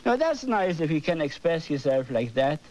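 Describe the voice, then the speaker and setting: An older man with a German accent, teaching oil painting on his TV show, animated and often asking "you see?". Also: a little high, normal speed, rough recording. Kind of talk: painting demonstration. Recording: worn 1980s videotape audio with hum.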